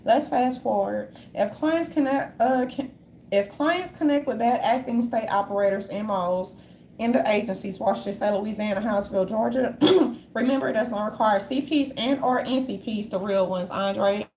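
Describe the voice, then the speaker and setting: A woman in a casual monologue, reading from notes in a sassy manner and calling listeners darlings, with a gravelly voice. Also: mid-range voice, normal speed, a little mellow, slight background noise.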